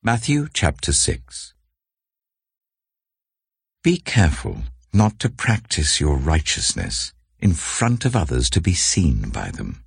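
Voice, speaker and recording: A man with an extremely deep, gravelly voice reads scripture slowly and solemnly. His tone is husky and breathy, and his pitch rises and falls with feeling. The sound is dry and close, with no room around it. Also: huge pitch swings, dry recording. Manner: measured, grave delivery. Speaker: scripture reader. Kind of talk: slow solemn Bible reading.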